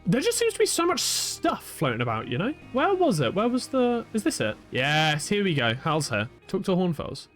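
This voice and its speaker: A man talks through a video game he is streaming, chatty and quick to joke at his own expense. His voice is fairly high for a man and swings widely in pitch, and faint game music plays under him. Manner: animated, chatty and self-mocking. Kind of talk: live gameplay commentary.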